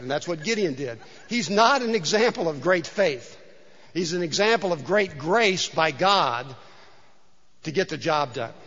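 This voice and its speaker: Male pastor, high voice, chatty sermon delivery with rhetorical questions, muffled recording in a long-reverb sanctuary. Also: fairly bright tone. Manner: conversational, asides and rhetorical questions. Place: church sanctuary. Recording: dull sound with long hall reverb.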